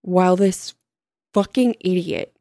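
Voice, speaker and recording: A woman's voice: fairly low pitch, a little slow, vocal fry, mellow, no echo, studio quality. A woman co-hosting a casual comedy chat, ranting with theatrical, mock-dramatic outrage. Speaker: podcast co-host.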